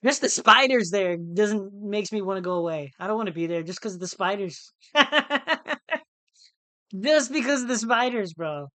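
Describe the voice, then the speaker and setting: Here a live-stream day trader from the US keeps up relaxed, slangy banter, looping back on the same phrases and tossing out dude and bro. His voice sits high and comes across bright, smooth and animated at a moderate pace. The sound is dry and close, without echo.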